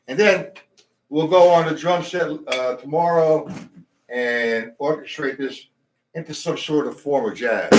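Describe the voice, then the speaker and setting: Man teaching drums in an echoey room. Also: on the high side. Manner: talks between drum demonstrations, counts beats aloud. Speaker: drum teacher. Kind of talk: drum lesson with playing and counting. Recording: echoey room, mic far off, loud drums.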